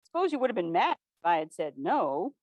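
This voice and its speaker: A woman's voice: sing-song, brisk, no room sound. A woman doing a kindly, wry 1860s president. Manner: gentle, wry, lowered voice. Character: 1860s president, a kindly, teasing older man.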